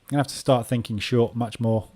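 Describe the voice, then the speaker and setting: A man's voice: mid-range voice, fairly even intonation, quick pace, darkish tone. A man hosting a live trading room, giving casual market commentary and thinking aloud as he watches the charts.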